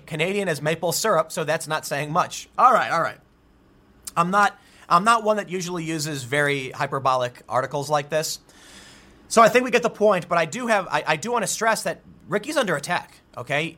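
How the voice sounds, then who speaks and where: A man hosting an opinion commentary, reading out articles and reacting with animated asides and frequent restarts. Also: on the high side. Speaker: political commentary host.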